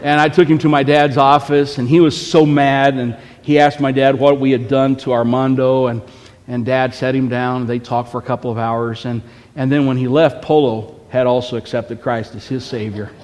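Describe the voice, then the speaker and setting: A man's voice: medium pitch, level tone, moderate pace, darkish tone, in a large hall. A man preaching a sermon as a pastor, telling a story with frequent "okay?" check-ins to the congregation.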